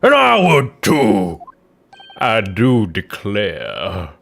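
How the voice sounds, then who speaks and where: A man voicing a prim female juror with a mock American Southern accent, slow, drawling and genteel, in a video game dub. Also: on the low side, huge pitch swings, creaky, fairly bright tone, pitched below the performer's own voice, full character voice.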